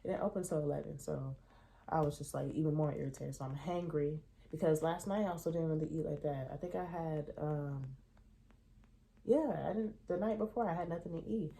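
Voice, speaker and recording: A young adult woman telling a casual storytime, animated and venting, swearing freely as she recounts her irritation. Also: sits low, fairly quick, gravelly, a little hiss or hum.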